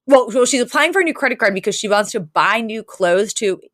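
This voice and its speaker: A woman's voice: on the high side, expressive, a little fast, fairly bright tone, dry recording, studio quality. A woman co-hosting a podcast, chatting casually and laughing often as she recaps a sitcom episode. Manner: chatty, laughs often, many fillers and restarts. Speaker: podcast co-host.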